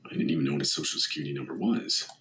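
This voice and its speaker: A man narrating a first-person horror story in a steady, measured way. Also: rumbling low, a little hiss or hum, low-quality recording. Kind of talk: scripted narration.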